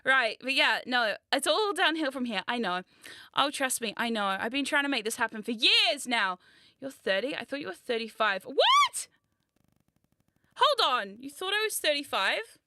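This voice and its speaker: A woman's voice: a little high, lively intonation, normal speed, sharp tone, a little hiss or hum. A woman, chatting casually on a livestream as a VTuber, rambling, swearing and mocking herself with frequent laughs. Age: 30s. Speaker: VTuber streamer.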